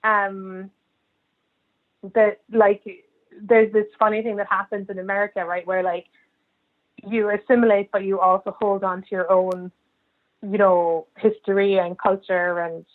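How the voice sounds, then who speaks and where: An Irish woman, a comedian and writer, chats casually as an interview guest, telling funny anecdotes packed with "like" fillers. Her medium-pitched voice stays fairly flat in intonation and moves a little slowly, and the recording has a tinny phone-line sound.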